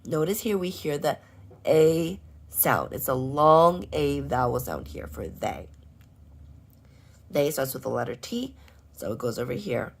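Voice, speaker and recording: A woman teaching first graders, going over their homework and spelling out sight words slowly and clearly. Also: deep voice, sing-song. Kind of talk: homework walkthrough lesson.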